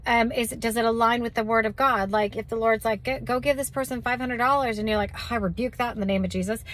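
A woman's voice: on the high side, a bit bright, low-quality recording. A woman giving a casual spoken teaching on hearing God, chatty and loose with fillers and restarts. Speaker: Christian teacher on prophecy.

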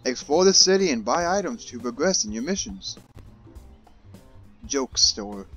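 A man giving casual let's-play commentary, excitable, yelling and swearing at characters in the game. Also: medium pitch, measured pace, soft background music. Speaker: gaming YouTuber.

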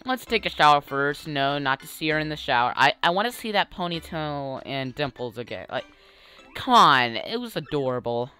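Low-voiced woman doing game commentary. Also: expressive, moderate pace, bright, forceful tone, smooth, faint music behind. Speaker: let's play commentator. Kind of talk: casual gameplay commentary.

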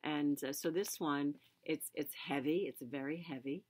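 Low-voiced woman, rambling chatty co-host. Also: steady tone, moderate pace, a little mellow. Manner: rambling, searches for words with many fillers. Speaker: yarn shop co-host. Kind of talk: casual chat.

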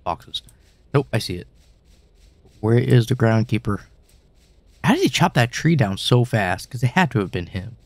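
A man's voice: medium pitch, big pitch swings, normal speed, long pauses, no room sound. Wry suspicious young gamer guy. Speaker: gaming channel host. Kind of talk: horror game commentary.

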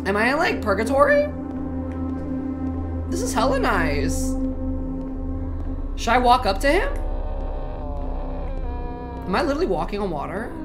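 A woman's voice: on the high side, wildly swooping pitch, a little slow, pauses often, over music. A woman streamer commenting on gameplay live, reacting to chat with slang and swearing.

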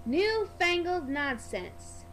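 A woman's voice: very high-pitched, sing-song, extremely slow, fairly bright tone, slight background noise, voice pushed up, heavily acted. Stubborn blue engine a woman voices, huffy. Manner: huffy, dismissive. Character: male blue tank engine, kindly but stubborn.

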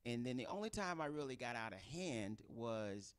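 A middle-aged man delivers a relaxed, conversational sermon. His pitch swings up and down a lot, and he slips into quoted voices to make a point. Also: normal speed, smooth. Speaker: pastor. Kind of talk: informal sermon teaching.

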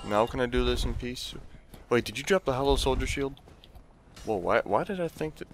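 A man's voice: medium pitch, expressive, fairly quick, faint music behind. A young man commentating his own gameplay, trash-talking enemies with lots of swearing and breaking into sudden yelps of alarm. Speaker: let's play host.

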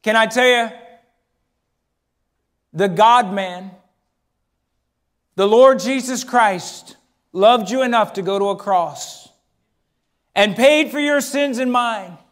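A middle-aged pastor delivers a sermon in a church, his voice sitting high for a man. He pushes up into emphatic, ringing phrases, then drops into quieter, intimate storytelling. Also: slow pace, long pauses. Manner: preaching with emphatic rises and hushed storytelling.

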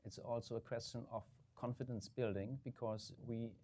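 A man answering questions as a government state secretary on a panel, measured, with frequent ums and uhs. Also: mid-range voice, steady tone, darkish tone, a little hiss or hum. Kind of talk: panel discussion remarks.

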